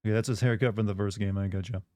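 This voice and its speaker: A man's voice: fairly low pitch, steady tone, racing, warm tone, no echo, soft background music. A man chatting casually while streaming a game, rambling and answering his chat. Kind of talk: casual let's-play chat.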